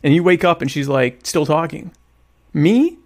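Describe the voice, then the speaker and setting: A man's voice: on the high side, steady tone, a little fast. A man hosting a casual livestream, joking and teasing his viewers in a self-mocking way while he eats. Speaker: livestream host. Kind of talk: casual comedic chat with viewers. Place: home, at a meal.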